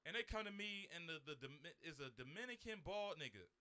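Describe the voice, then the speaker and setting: A man's voice: on the high side, fairly quick, clear, resonant tone. A young man, a podcast co-host, telling a story in casual slang and acting out the people in it. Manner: animated, slangy, acts out the voices of people in his story.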